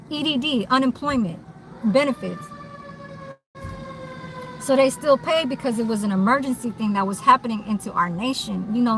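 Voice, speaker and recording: Woman vlogger, bright and slightly high voice, rambling and blunt with frequent swearing, faint vehicle hum behind. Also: low-quality recording. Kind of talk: candid unscripted monologue.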